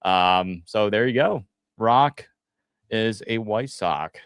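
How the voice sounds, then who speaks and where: A man with a fairly low voice chats casually on a live stream. He rambles excitedly and restarts his sentences often. The sound is dry and close, with no room echo. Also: slow pace, clear, resonant tone. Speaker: co-host of a team podcast stream. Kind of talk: casual live reaction chat.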